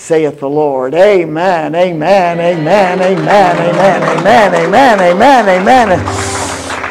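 Woman minister prophesying, fervent, shouting hallelujahs, soft music behind. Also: medium pitch, low-quality recording. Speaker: guest minister. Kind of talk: prophetic preaching.

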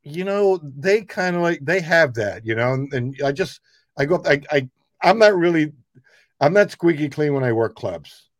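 A middle-aged man, a comedian guest, telling rambling, animated anecdotes. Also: a little high, normal speed, no echo. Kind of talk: casual storytelling.

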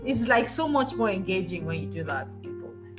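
A Nigerian woman co-hosts a podcast, talking about books in a casual, animated way, laughing often and repeating words for emphasis. Her medium-pitched voice has a sing-song lilt and a moderate pace, with music playing in the background.

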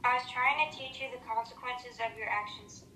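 A woman reads Venus, the proud goddess of love and beauty, in a steady, rather flat delivery. Her voice is slightly high and bright. The recording sounds roomy and echoey. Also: fairly quick, slight background noise. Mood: haughty. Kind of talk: amateur read-aloud role-play. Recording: echoey room.

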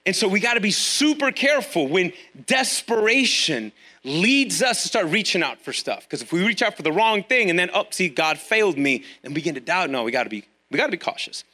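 A man preaching a sermon in a casual, energetic, conversational way, with slang and quick asides. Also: sits high. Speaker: pastor.

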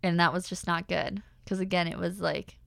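A young woman hosting a podcast in a casual personal monologue, chatty with lots of fillers and animated faith-centered asides. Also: lowish voice, normal speed, gravelly, dry recording, clean studio sound. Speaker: podcast host.

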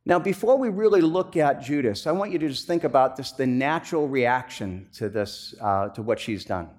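A man's voice: medium pitch, expressive, moderate pace, hardly any pauses, a little mellow. A man preaching a sermon as pastor, talking conversationally with frequent restarts and fillers, then rising into emphatic bursts.

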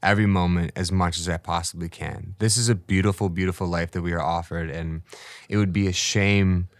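A man's voice: low voice, fairly even intonation, brisk, dry recording. A man in his late twenties talking casually and reflectively, telling stories with many fillers. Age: late 20s. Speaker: guest. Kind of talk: casual conversation.

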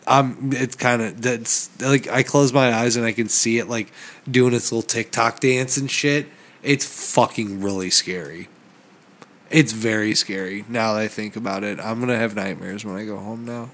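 A young man co-hosting a podcast, chatting casually and excitedly, swearing a lot. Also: fairly low pitch, moderate pace. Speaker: podcast co-host. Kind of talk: casual chat.

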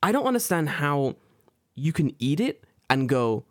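A young man from the UK, co-hosting a casual podcast chat, telling stories in an animated, slangy way and acting out the people he quotes. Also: unhurried, dry recording, studio quality. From United Kingdom. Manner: animated storytelling, acts out quoted people with big pitch jumps; swears freely, slangy. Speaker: podcast co-host.

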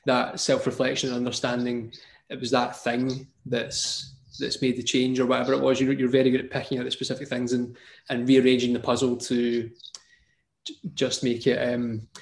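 A man's voice: mid-range voice, monotone, moderate pace. A man hosting a podcast interview, eager and repeating himself as he stumbles over his words. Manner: enthusiastic, repeats phrases, stumbles. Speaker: podcast host. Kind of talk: casual interview chat. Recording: roomy echo.

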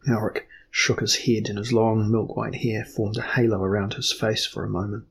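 A man narrating a fantasy novel as an audiobook in a measured, even storytelling manner. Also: on the low side, creaky, slight background noise.

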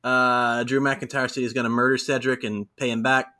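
A man's voice: mid-range voice, flat delivery, moderate pace, pushed and bright. A man co-hosting a podcast, casually recapping wrestling segments in a chatty storytelling way. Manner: chatty storytelling, quotes people in voices. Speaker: podcast co-host.

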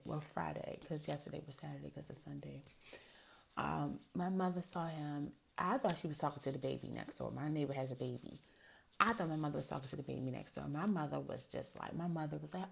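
A woman's voice: low voice, vocal fry, a little hiss or hum. A middle-aged woman hosting a podcast alone, telling personal stories in a chatty way, with many asides to her listeners. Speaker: podcast host. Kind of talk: casual solo podcast monologue.

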